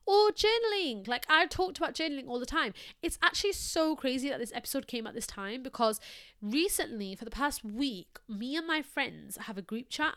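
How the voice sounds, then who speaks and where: A woman's voice: fairly high pitch, pushed and bright, smooth. A young woman in her twenties hosting a podcast, telling everyday stories in a chatty, rambling way. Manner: chatty, storytelling, many fillers. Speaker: podcast host. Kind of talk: casual monologue.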